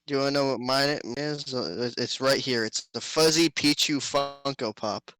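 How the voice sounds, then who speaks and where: A teenage boy chatting on a stream call, excitable and teasing, often stumbling over his words. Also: medium pitch, moderate pace, smooth, low-quality recording. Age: teens. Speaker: co-host on a call. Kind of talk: casual stream chat.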